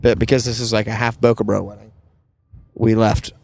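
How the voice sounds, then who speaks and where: A man's voice: lowish voice, flat delivery, brisk, creaky, darkish tone. Chatty man telling stories. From Southern United States. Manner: chatty storyteller, acts out voices in anecdotes. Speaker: podcast host, wedding photographer. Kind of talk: casual chat.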